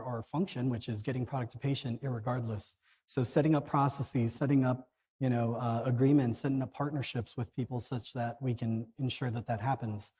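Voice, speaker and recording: A man's voice: medium pitch, dark tone. A man answering on a conference panel, earnest and restarting his sentences often. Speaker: conference panelist in pharma supply chain.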